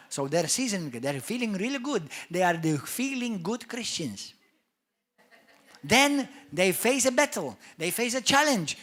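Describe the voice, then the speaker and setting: Bright-voiced emphatic Maltese pastor. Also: male voice, high voice, big pitch swings. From Malta. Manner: emphatic preacher, acts out churchgoers in quick voices. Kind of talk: sermon. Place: church.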